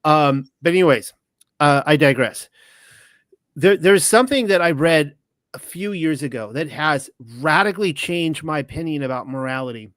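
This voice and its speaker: Slightly high-voiced rambling man. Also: moderate pace, no room sound. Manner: rambling, with frequent restarts and self-corrections; retells stories with lively quoted dialogue. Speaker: podcast host. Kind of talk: casual monologue.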